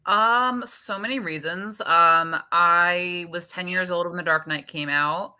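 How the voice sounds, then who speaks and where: A woman in her twenties from Scandinavia, a podcast guest chatting in an animated storytelling way. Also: lowish voice, slow, clean tone. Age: 20s. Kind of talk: casual chat.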